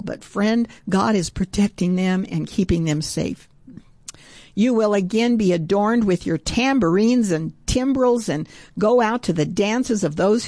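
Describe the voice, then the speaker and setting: Woman Bible teacher, mid pitch, earnest and eager reading verses aloud, dead-dry close recording. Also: no echo. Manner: warm, earnest, reads scripture aloud with growing excitement.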